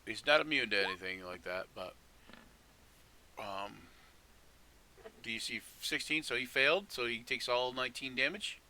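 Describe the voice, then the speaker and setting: A man's voice: medium pitch, moderate pace, pauses often, pushed and bright, slight background noise. A man running a tabletop game as game master, easygoing and laughing often while tallying damage. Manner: easygoing, laughs often, tallies numbers aloud.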